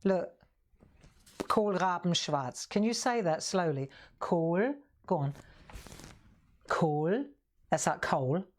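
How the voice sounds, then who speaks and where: A woman's voice: on the low side, lively intonation, slow, long pauses, a little mellow. A middle-aged woman hosting a live colouring demonstration, chatty and encouraging as she talks straight to viewers. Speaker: craft show host.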